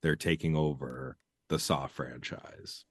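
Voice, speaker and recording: A man's voice: a bass voice, fairly even intonation, slow, no echo, studio quality. A middle-aged man from Canada co-hosting a movie podcast, talking in a laid-back, rambling way and swearing freely. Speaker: podcast co-host. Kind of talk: casual chat.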